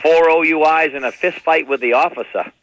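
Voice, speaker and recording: A middle-aged stand-up comic from New England tells family stories, slipping into animated impressions of his relatives. His voice is on the high side and a little fast, and the poor audio carries a little hiss or hum.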